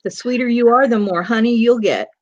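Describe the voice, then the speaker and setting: A woman's voice: a little high, brisk. A woman hosting a casual panel chat on a video call, giving advice and telling stories. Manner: advising, storytelling. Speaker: host of a panel chat show. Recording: dull lo-fi webcam audio.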